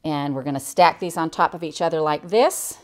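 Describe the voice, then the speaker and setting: A woman's voice: deep voice, brisk. An older woman from the United States, a quilting instructor giving a chatty, cheerful step-by-step demonstration. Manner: chatty, cheerful, enthusiastic about the work. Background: sewing machine.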